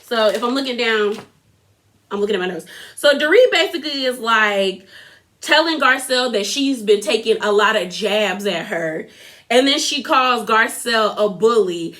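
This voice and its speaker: A woman's voice: fairly high pitch, expressive, moderate pace, fairly bright tone. A young woman chatting casually as she recaps a reality TV episode, full of filler words. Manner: chatty, lots of filler "like", quotes people in a put-on voice.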